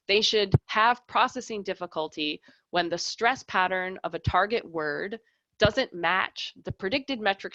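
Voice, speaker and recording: A woman's voice: fairly low pitch, pushed and bright, no room sound, highs cut off. A woman researcher giving an academic lecture and explaining examples step by step. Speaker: researcher giving a lab talk.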